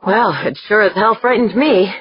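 A woman voicing an excitable, easily startled crew member who yelps out excited outbursts, in a slightly muffled audiobook recording. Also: mid-range voice, normal speed, slightly rough, dry recording, pitched above the performer's own voice. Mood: joking.

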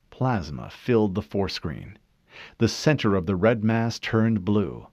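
A man reading a novel aloud in measured, expressive scripted narration. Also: on the low side, dry recording, muffled recording. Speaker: audiobook narrator.

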